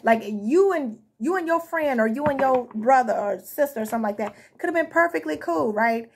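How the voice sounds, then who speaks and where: A woman's voice: sits high, lively intonation, a little fast, slight background noise. A woman giving a casual tarot reading to her viewers, blunt and chatty, swearing freely and calling them y'all and honey. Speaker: tarot reader.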